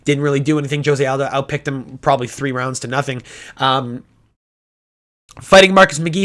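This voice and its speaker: A man's voice: mid-range voice, fairly even intonation, a bit bright. A man hosting a casual fight predictions talk, blunt and opinionated, swearing often and restarting sentences. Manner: fast talking with restarts.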